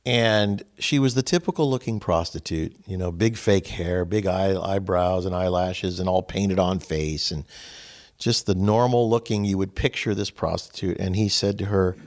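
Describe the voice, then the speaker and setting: A man's voice: deep voice, moderate pace. A middle-aged man hosting a casual spiritual group discussion, telling stories with asides. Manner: animated storytelling with asides.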